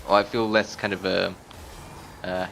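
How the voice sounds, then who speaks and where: A man commentating live on his own gameplay, chatting casually and bursting into loud screams and laughs at the game. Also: low voice, little pitch movement, moderate pace, gravelly, slight background noise. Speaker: game streamer.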